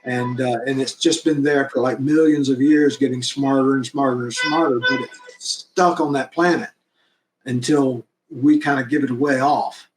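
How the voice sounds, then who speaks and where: A man's voice: mid-range voice, fairly even intonation, normal speed, slight background noise. A man talking enthusiastically about producing his fan film episodes, rambling and laughing now and then. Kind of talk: casual interview chat. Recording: roomy echo.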